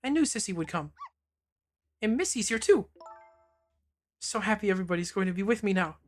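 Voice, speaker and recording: A streamer reading out a timid, sweet little girl from a video game in a raised, soft childlike voice. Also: medium pitch, expressive, fairly quick, pitched above the performer's own voice, natural voice. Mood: apologetic, happy.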